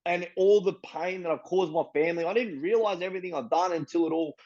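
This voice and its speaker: Young man, Australian accent, slightly high voice, profane street slang, casual interview storytelling, muffled lo-fi sound. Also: quick pace. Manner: blunt and profane, street slang, animated retelling.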